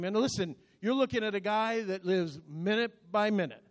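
A man in his sixties preaching a sermon as pastor, speaking emphatically with sudden swings between loud and soft, and often repeating words as he starts a phrase. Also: sits high, expressive, moderate pace, hardly any pauses. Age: 60s.

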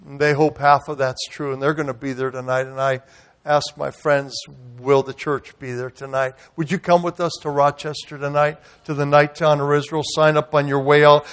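A guest pastor, male, preaches to a church and tells his story theatrically, alternating between loud outrage and hushed tenderness. His voice runs a little high.

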